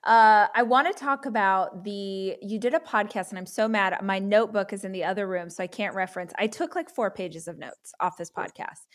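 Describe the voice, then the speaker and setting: A woman hosting a podcast, enthusiastic and chatty, reading ads and talking with a guest. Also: medium pitch. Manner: enthusiastic, slows and stresses words in ad reads. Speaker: podcast host. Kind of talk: ad read and casual interview chat.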